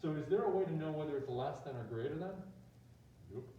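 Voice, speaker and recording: Joking math teacher in an echoey classroom. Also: male voice, fairly high pitch, brisk, slight background noise. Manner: joking, animated, talks to himself. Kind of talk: classroom lecture. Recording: echoey room, distant mic, dull sound.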